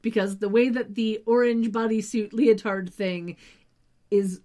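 A chatty woman co-hosts a podcast and recaps a TV episode in easy, wry conversation. Her voice sits a little high. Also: fairly even intonation, measured pace, dark tone. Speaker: podcast co-host. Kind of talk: casual recap chat.

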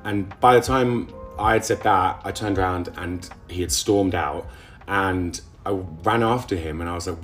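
Low-voiced guy telling his story, stops and restarts a lot, music underneath. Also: fairly bright tone. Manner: halting, repeats words, many fillers. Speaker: interviewee recounting abuse. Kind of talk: emotional personal testimony.

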